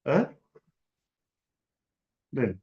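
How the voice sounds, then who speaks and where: A man's voice: extremely slow, mellow. A man who runs a small business, chatting casually and making a sales call, earnest and repeating himself as he talks. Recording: dull lo-fi recording.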